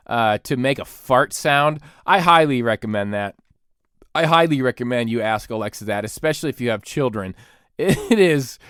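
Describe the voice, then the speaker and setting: A man's voice: fairly high pitch, clean tone, dry recording, studio quality. A man in his thirties hosting a podcast, ranting comically and laughing mid-sentence. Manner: animated, laughs mid-sentence, mocks others in put-on voices. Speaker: podcast host. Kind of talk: comedic solo rant.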